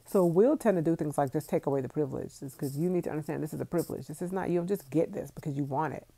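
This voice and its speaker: A woman from the United States chats on a phone livestream with a low, mellow voice and a gravelly edge. She is casual and talkative, laughing often as she answers viewers' comments. She sounds like she's in her thirties. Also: very fast. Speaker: vlogger reading live chat.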